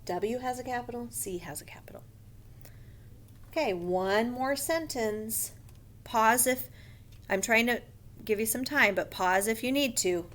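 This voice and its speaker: A woman teaching a first grade grammar lesson in a slow, patient voice, and now and then she whispers a quick aside to herself. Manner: slow, patient teacher voice, sometimes lifts her pitch to show an excited sentence. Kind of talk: recorded online grammar lesson.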